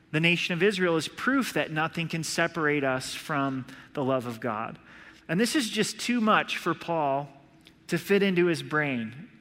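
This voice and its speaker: Male pastor, earnest sermon delivery, bright tone, reverberant hall sound. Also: a little high. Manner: earnest, acts out voices in illustrations.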